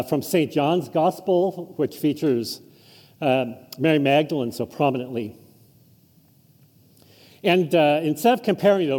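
A man's voice: fairly high pitch, dark tone, big-room sound. A man preaching a conversational sermon as a pastor, informal and chuckling through asides. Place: church sanctuary.

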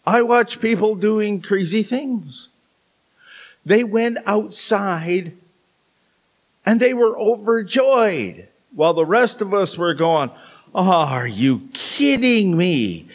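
Slow-speaking pastor preaching a sermon. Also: male voice, high voice. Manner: slow, storytelling delivery with dramatic pauses. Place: church sanctuary.

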